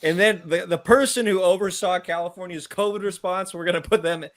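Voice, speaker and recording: A man co-hosting a political talk show, speaking in a measured, hesitant way with fillers. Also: sits high. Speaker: podcast co-host.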